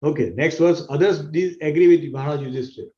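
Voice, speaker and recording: Brief: earnest male scripture teacher, mellow and dark tone, echoey, muffled recording. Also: a little high, quick pace. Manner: earnest, repeats key phrases, acts out gasps. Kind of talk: explanatory sermon to an online audience. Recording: roomy, dull-sounding recording.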